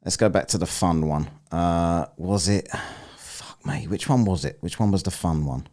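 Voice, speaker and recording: A man's voice: sits low, normal speed, a little mellow. A man hosting a live stream, rambling, teasing and swearing freely in casual chat.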